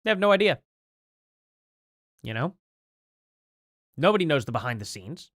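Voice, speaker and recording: A man's voice: fairly high pitch, sing-song, normal speed, a bit bright, dry recording, studio quality. Chatty man streaming his commentary. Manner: rambling, conversational, many fillers. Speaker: livestream host. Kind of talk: casual commentary.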